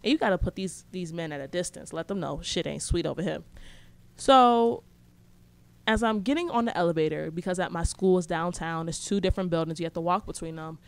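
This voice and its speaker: Low-voiced woman telling a sarcastic story. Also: fairly quick, clean tone. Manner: slangy, sarcastic and blunt. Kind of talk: casual storytime monologue.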